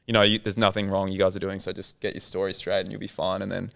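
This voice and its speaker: An Australian man with a lowish, smooth voice chats in a relaxed interview. He tells the story loosely and drops the odd swear word. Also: fast. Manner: laid-back, loose, casual swearing. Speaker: filmmaker guest.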